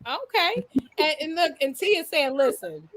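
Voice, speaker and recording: Woman co-host, high voice. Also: expressive, normal speed, a bit bright, no echo, poor audio. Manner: laughing, exclaiming, reacting. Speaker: podcast co-host reading comments. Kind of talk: casual chat.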